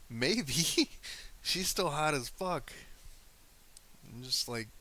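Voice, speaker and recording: A man's voice: fairly high pitch, expressive, drawn-out words, sharp tone. A man streaming, chatting casually, crude, joking and argumentative. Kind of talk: casual chat with live chat.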